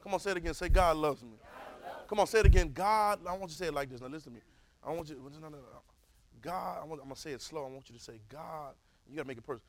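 A man, teaching a Bible class in a preaching style, calling for responses and swinging from soft to loud. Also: a little high, rapid-fire, some chatter behind, low-quality recording.

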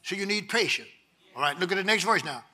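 A man, preaching a sermon with call-and-response, moving between quiet Bible teaching and loud exhortation. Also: high-pitched, animated, quick pace. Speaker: pastor.

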